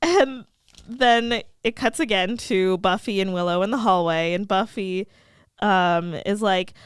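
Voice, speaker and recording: A woman's voice: mid-range voice, clear, resonant tone, no room sound, studio quality. A woman on a casual podcast, recapping a TV episode and acting out the characters' lines with frequent laughter. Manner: acts out characters' lines in quick bursts, laughs often. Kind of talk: casual podcast chat, retelling scenes.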